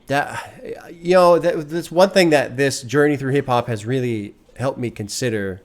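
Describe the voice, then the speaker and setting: A man's voice: medium pitch, unhurried. Earnest man riffing on a song. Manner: earnest, rambling, swears freely. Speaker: music reaction host. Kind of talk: casual reaction commentary.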